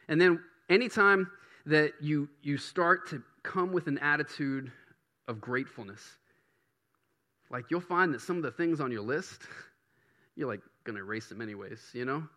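Bright-voiced pastor teaching prayer. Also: male voice, a little high, normal speed. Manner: conversational, builds to emphatic preaching.

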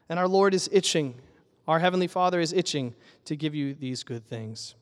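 A pastor preaching a sermon in an earnest, emphatic way, building with repeated phrases. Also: male voice, a little high, a little fast, long reverb tail.

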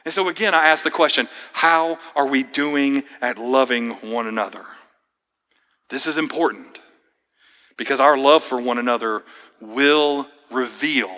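This man's medium-pitched voice is bright and forceful as he preaches to his congregation. Earnest and emphatic, the pastor asks pointed questions, his words echoing with hall reverb through the church sanctuary.

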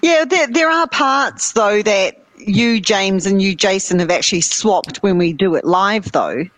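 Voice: mid-range voice, lively intonation, unhurried, a bit bright. A band member in a casual interview, teasing and joking with bandmates.

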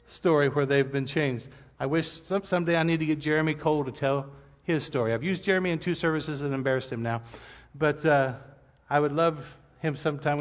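In a church auditorium, a male pastor delivers an earnest, vulnerable sermon appeal, self-deprecating and at times close to tears. His voice sits on the high side with a fairly bright tone, trailed by a long reverb tail.

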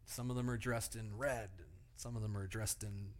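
A man's voice: on the low side, steady tone, normal speed. Man preaching with vivid storytelling. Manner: vivid storytelling with rhetorical questions. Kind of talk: sermon illustration.

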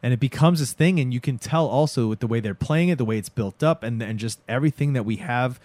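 Man, casual podcast chat, excited recap, swears, acts out scenes, dry close sound. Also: medium pitch, quick pace, dry recording. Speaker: podcast co-host.

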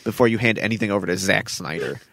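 Low-voiced young man ranting casually. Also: fast, a bit bright. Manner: heated ranting, joking. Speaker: podcast guest. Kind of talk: casual chat.

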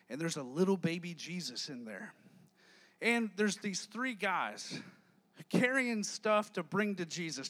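High-pitched guy giving a youth sermon, funny and relaxed storytelling. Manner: prays softly, then tells stories with humor. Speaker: youth pastor.

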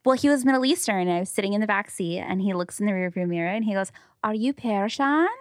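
A woman in her thirties co-hosting a podcast, telling stories in a lively way and acting out the people she quotes. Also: mid-range voice, rapid-fire, no room sound, clean studio sound. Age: 30s. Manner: animated storyteller, acts out quoted people. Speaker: podcast co-host. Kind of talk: casual chat, storytelling.

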